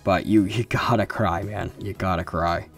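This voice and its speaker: A man's voice: low voice, steady tone, normal speed, faint music behind. A young man hosting an advice video, talking in a casual, earnest, consoling way with frequent restarts, recorded in a room at home.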